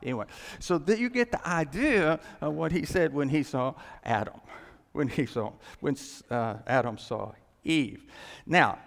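Man, preacher, sermon, lively swings, gravelly edge, animated, chuckling. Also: on the high side. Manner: animated, rising to excited outbursts, with chuckles and restarts. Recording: long hall reverb.

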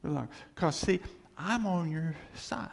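A man's voice: on the high side, a little slow, vocal fry, big-room sound. A man preaching a sermon in an earnest, conversational way, often repeating phrases for emphasis.

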